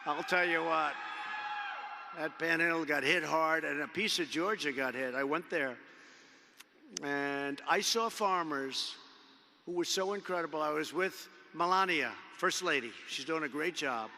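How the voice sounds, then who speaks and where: At a convention in a big indoor arena, a man in his seventies gives an improvised podium speech at a measured pace in a fairly high voice. He rambles, repeats himself, and piles on emphatic superlatives. The arena's long reverb and a noisy background come through.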